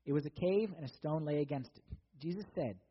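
A man's voice: a little high, fairly quick, breathy edge. A man preaching a sermon in a casual, conversational way, acting out the people in the story as he goes. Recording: dull lo-fi sound with long hall reverb.

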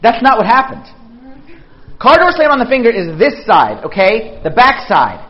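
High-voiced man preaching, dull lo-fi sound. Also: moderate pace. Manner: animated storytelling, frequent "okay?" check-ins with listeners. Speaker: pastor. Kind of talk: conversational sermon to young people.

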